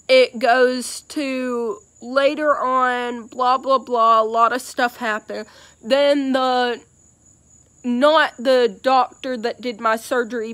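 A woman's voice: fairly high pitch, fairly bright tone, no echo. A young woman telling a personal story in a casual, rambling way with many fillers and hesitations.

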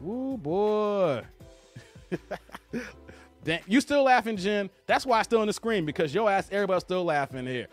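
Animated laughing man hosting a live stream. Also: high-pitched, normal speed, pauses often, soft background music. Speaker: live stream host reading chat. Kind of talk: casual live stream commentary.

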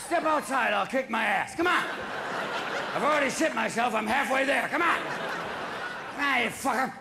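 A man voicing a belligerent drunk man picking a fight at a bar, slurring and shouty. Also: very high-pitched, normal speed, gravelly, reverberant, crowd noise. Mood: drunk aggressive. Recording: live theater recording with audience noise.

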